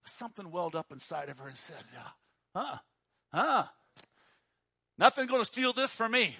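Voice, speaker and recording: High-pitched, bright-voiced male preacher. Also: big pitch swings, moderate pace, gravelly, pauses often, breathy edge, dry recording, clean studio sound. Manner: dramatic, swings from hushed to shouting. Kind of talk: sermon.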